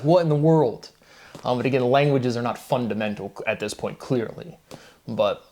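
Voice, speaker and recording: A man's voice: mid-range voice, a little mellow. Rambling man musing on camera. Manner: rambling, musing, many fillers and restarts. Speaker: channel host. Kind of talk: casual solo monologue.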